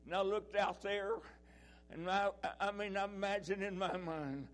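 High-voiced emphatic preacher man. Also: fairly even intonation, unhurried. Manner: emphatic, repeating phrases, swinging loud and soft. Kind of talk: sermon.

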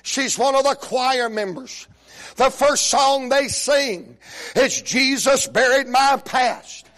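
High-voiced older preacher, slow. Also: male voice. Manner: folksy, joking, rises to shouted praise. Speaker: pastor. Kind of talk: humorous sermon with storytelling.

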